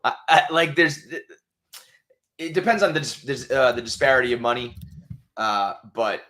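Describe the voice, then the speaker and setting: New guy on a sports podcast, gets loud and excited, swears a lot. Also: medium pitch, moderate pace. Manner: animated, swears freely, voices quotes loudly. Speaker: podcast co-host. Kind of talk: casual sports chat.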